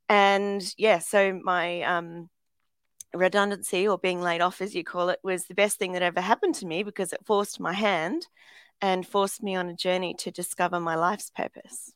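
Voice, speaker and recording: A woman's voice: lowish voice, steady tone, moderate pace, a bit bright, clear, resonant tone, dry recording. Australian woman telling her story. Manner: reflective, candid storytelling. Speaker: guest, motivational speaker, former lawyer. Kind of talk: radio interview guest.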